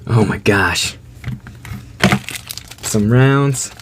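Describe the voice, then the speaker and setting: A man in an excited unboxing vlog, laughing often and stammering with joy. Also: on the low side, extremely slow, background noise. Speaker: vlogger.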